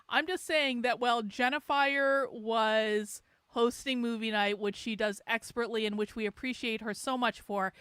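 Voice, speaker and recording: Chatting casually on her livestream, a middle-aged host rambles, swears a lot, laughs, and rants with sarcasm. Her voice sits on the high side, a bit bright and smooth, captured in clean studio sound without echo.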